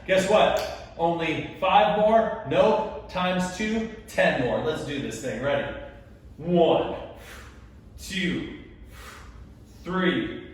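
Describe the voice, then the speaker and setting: A young man teaching an energetic class, counting reps aloud and checking in with "all right?" throughout. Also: fairly high pitch, recorded from a distance. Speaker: PE teacher leading a workout and recipe. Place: indoors, gym then home kitchen. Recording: very echoey room, voice a bit off-mic.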